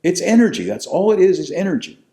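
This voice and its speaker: An older American man telling stories from his own life, blunt and profane, swinging between loud bursts and low asides. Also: big pitch swings, quick pace. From United States. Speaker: podcast host telling his life story. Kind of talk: casual storytelling monologue.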